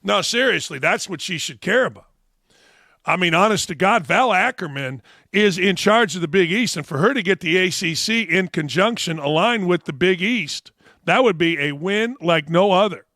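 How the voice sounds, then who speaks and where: A man's voice: high voice, lively intonation, moderate pace, sharp tone, no room sound, clean studio sound. A middle-aged man hosting a sports talk show, ranting bluntly and profanely about the news.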